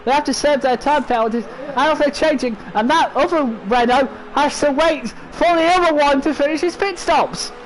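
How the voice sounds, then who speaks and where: Excitable high-voiced young British man. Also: moderate pace, few pauses, slight background noise, poor audio. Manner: excitable, exclaiming, laughing at crashes. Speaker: race commentator. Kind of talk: sim racing commentary.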